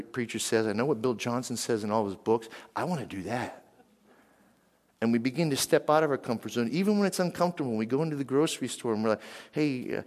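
A man from western Pennsylvania preaching a sermon, lively, and he keeps asking the crowd questions. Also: medium pitch. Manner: animated, asks the crowd questions. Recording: long hall reverb.

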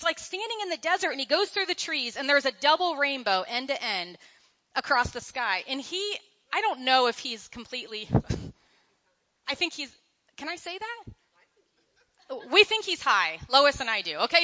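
A middle-aged woman giving a casual Bible study talk to a group, chatty and animated, often laughing and acting out quotes. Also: high-pitched, lo-fi sound.

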